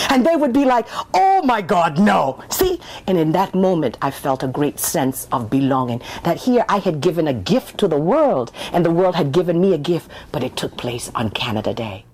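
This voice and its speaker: Animated woman storyteller, lively pitch. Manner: animated, conversational, addresses listeners directly. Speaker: author and storyteller. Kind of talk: spoken-word personal storytelling.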